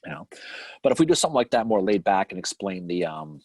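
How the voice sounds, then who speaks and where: Man, husky voice, lowish pitch, lively swooping delivery, teasing co-host banter. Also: quick pace, dry recording. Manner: teasing, joking, swears casually. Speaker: podcast co-host. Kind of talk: casual live-stream chat.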